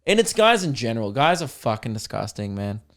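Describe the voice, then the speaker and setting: A young Australian man hosting a comedy podcast, ranting in a profane, animated way and laughing often. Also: mid-range voice, fairly quick. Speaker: podcast host.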